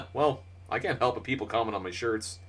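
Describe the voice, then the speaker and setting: A man's voice: medium pitch, animated, normal speed, a bit bright, distant mic. Rambling, laughing male co-host, off-mic. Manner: rambling, laughing, swears freely. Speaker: podcast co-host. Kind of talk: casual chat.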